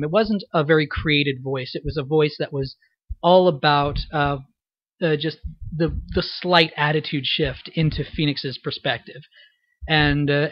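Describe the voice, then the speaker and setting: A voice actor with a male voice on the high side gives an audio commentary about his roles, thoughtful, explanatory and self-reflective. The lo-fi recording has no echo.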